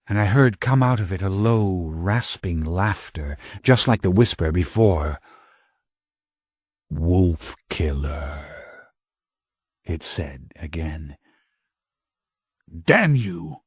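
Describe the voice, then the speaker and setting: A man narrating an audiobook in a dramatic, intense way, close to a studio mic. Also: no room sound. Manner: slow, low and intense, rising to urgent cries.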